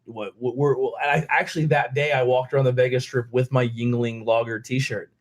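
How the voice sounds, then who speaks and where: Lively storytelling man from Pennsylvania. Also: medium pitch, a little fast. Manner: animated, quotes people in raised voices, laughs often. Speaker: podcast host. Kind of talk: casual storytelling chat.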